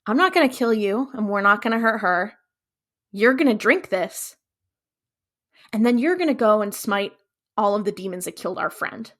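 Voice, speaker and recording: A woman's voice: medium pitch, animated, moderate pace, pauses often, fairly bright tone. A young adult woman co-hosting a casual podcast, recapping scenes animatedly and acting out the characters' lines. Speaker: podcast co-host. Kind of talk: casual rewatch podcast chat.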